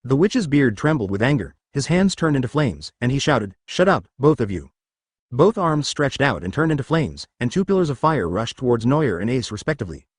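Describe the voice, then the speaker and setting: A male narrator reads a fan story aloud in a synthetic audiobook voice. His pitch swings widely, and the sound is close and dry. Censored words come out as letters and asterisks. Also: very animated, brisk, few pauses, slightly rough, no echo.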